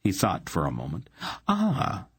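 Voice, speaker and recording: A man narrating an audiobook with a measured, expressive reading. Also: sits low, breathy edge, no room sound, clean studio sound. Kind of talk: scripted narration.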